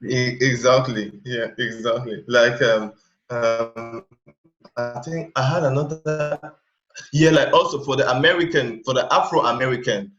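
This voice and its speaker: A man from Cameroon chats as a guest in an interview, lively and full of fillers and restarts. His voice sits in a middle register and sounds roomy and a little dull, as if recorded with a modest setup. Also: mid-range voice, measured pace, soft background music. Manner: animated, lots of fillers and restarts. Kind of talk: casual interview chat.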